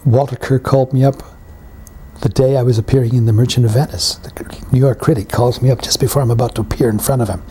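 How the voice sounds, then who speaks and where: A man's voice: mid-range voice, fairly even intonation, fast, mellow, slight background noise. A man, telling wry anecdotes about his career in an interview. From Canada. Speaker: veteran actor and writer being interviewed. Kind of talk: reminiscing interview.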